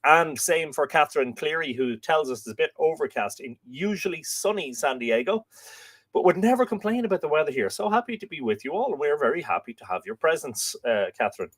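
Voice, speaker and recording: A man's voice: a little high, big pitch swings, fairly quick, breathy edge. An Irish man hosting a live stream, chatting casually and reading viewer comments aloud, with a lot of musing asides and filler words. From Ireland. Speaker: host.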